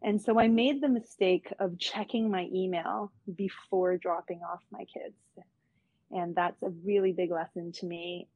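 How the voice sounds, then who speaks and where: A woman's voice: on the low side, steady tone, a little slow, dry recording. Candid woman telling a story on a call. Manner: candid, casual, with frequent fillers and swearing. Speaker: child protection worker. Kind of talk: personal storytelling on a group call. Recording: dull lo-fi call audio.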